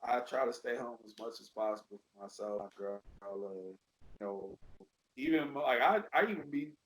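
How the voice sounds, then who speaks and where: A man's voice: medium pitch, lively intonation, normal speed. A man chatting casually on a podcast, laughing often and swearing freely. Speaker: podcast guest. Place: his home in Dallas. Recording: echoey room.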